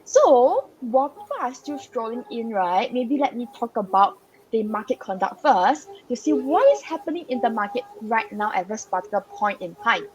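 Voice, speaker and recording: A woman's voice: a little high, very animated, moderate pace, a little mellow, muffled recording, a little hiss or hum. A slightly groggy woman co-hosting a live stock-market stream, chatting casually and tagging her sentences with "right?". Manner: chatty, tags sentences with "right?", many fillers.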